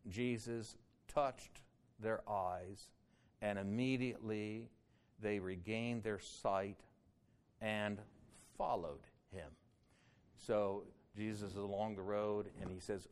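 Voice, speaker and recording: A man preaching a sermon that explains a Bible passage verse by verse, rising loud on quoted cries and dropping low and slow on solemn points. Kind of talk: expository sermon.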